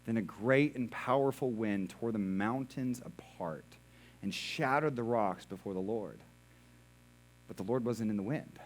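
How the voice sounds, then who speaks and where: Low-voiced male pastor preaching. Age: adult, married. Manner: rhetorical questions, dramatic slowing on key words. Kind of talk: sermon.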